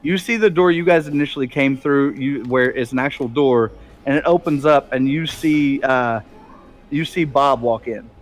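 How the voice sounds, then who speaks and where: A man's voice: medium pitch, normal speed. A man narrating a tabletop role-play as game master, laughing often as he improvises the story.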